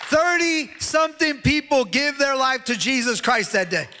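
Pastor, male, impassioned sermon storyteller, very high bright voice, echoing church hall. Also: normal speed, some chatter behind, a little hiss or hum. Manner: impassioned, acts out quoted voices. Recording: long hall reverb.

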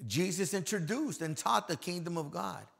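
A man preaching a conversational sermon as pastor in a church hall, acting out quotes and swinging from quiet asides to loud declarations. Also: sits high, expressive, normal speed, gravelly.

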